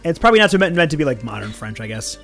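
A young man chatting casually on a game livestream, animated and rambling, with laughing asides to his chat. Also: a little high, racing, gravelly, soft background music. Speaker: streamer.

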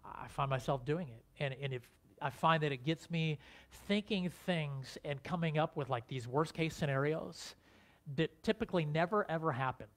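Pastor guy preaching, fairly high voice, chatty sermon w lots of questions to the crowd. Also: moderate pace. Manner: conversational preaching with rhetorical questions and restarts.

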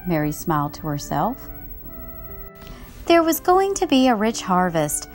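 A woman reading a children's picture book aloud, telling the story in an expressive, gently paced way. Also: on the low side, measured pace, faint music behind. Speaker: storybook reader.

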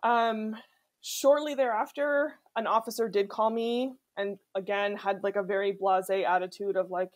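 Speaking with fairly even intonation at a moderate pace, this mid-range Canadian woman recounts her stalking experience in a documentary interview. She's candid and chatty, dropping fillers such as "like" and "you know" throughout.

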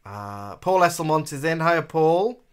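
A man's voice: fairly high pitch, lively intonation, measured pace, smooth. A man co-hosting a livestream, chatting casually and camply as he reads out and greets viewers by name. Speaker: co-host of a livestream. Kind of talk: casual livestream chat reading out viewer names.

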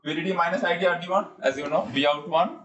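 A man's voice: a little high, fast talker, fairly bright tone, muffled recording. A man lecturing in a classroom, quizzing students by repeating his questions. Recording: echoey classroom from far off.

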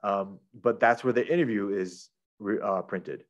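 A man's voice: lowish voice, a little slow, highs cut off. A man retelling a book plot in casual chat as a podcast reviewer, rambling with lots of fillers.

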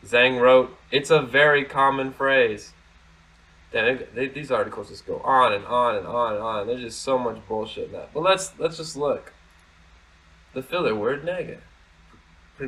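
A commentary vlog host with a mid-range, bright, forceful voice reads news articles aloud at a moderate pace and reacts bluntly, sarcastically, and with lots of swearing, often restarting his sentences. The audio is poor.

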